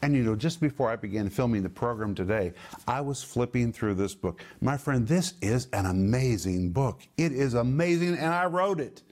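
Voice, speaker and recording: A man hosting a televised Bible teaching, speaking earnestly and emphatically, slowing down to stress key phrases. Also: mid-range voice, animated, darkish tone. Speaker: Bible teacher and TV ministry host.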